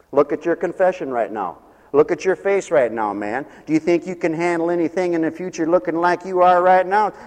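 Animated high-voiced male pastor preaching. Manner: animated, acts out people's voices, laughs often. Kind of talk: lively sermon. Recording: long reverb of a hall.

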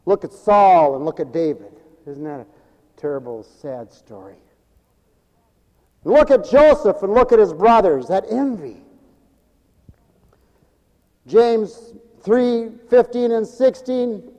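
A man with a high voice delivers a slow, deliberate sermon. He swings dramatically between loud exclamations and hushed asides. A long reverb trails his words, as if he is in a large hall. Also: animated. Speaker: preacher.

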